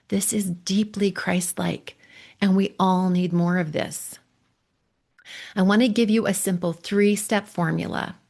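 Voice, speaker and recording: A woman who is a coach and podcast host gives a gentle, earnest faith-based talk about marriage, frequently checking in with "right?". Her voice is lowish and creaky.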